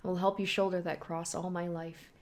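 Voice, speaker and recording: A woman's voice: lowish voice, flat delivery, fairly quick, natural voice. A woman voicing a devoted, earnest young man, reading manga dialogue aloud in a plain way.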